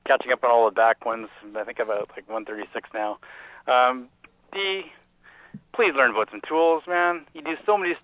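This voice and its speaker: A man's voice: mid-range voice, no room sound. Male caller over a tinny phone line. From British Columbia, Canada. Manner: teasing, friendly ribbing. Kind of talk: phone message.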